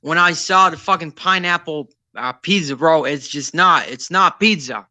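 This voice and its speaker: Young American man, street interviewee, slangy and relaxed, bright tone. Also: a little high, normal speed. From United States. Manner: laid-back, slangy, says bro and man. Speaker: passerby being interviewed.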